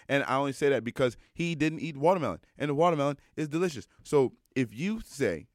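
A young adult man telling a personal story in a casual monologue, animated and emphatic, with many fillers. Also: medium pitch, fast talker, hardly any pauses, dry recording, studio quality.

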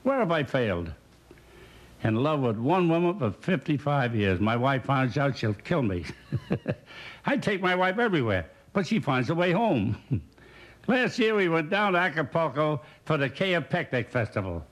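A man's voice: on the high side, very animated, moderate pace. An older man delivering punchy one-liner jokes and laughing at his own gags. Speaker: comedian. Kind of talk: rapid one-liner stand-up.

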